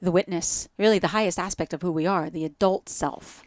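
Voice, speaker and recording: A woman's voice: fairly low pitch, fairly even intonation, a little fast. A woman with a New Jersey accent, a yoga teacher in a podcast conversation, speaking earnestly and stacking short repeated phrases.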